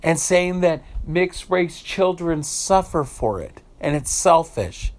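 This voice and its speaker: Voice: medium pitch, animated, slow pace, darkish tone. A vlogger from the United States giving an emotional, unscripted rant, indignant and swearing freely, often repeating phrases while searching for words.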